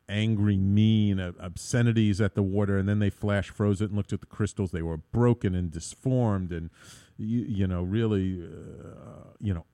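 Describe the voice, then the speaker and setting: Guy hosting a talk radio show, lowish mellow voice, dry close sound, lots of ums and restarts. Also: dry recording. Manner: rambling, many fillers and restarts. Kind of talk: casual radio talk monologue.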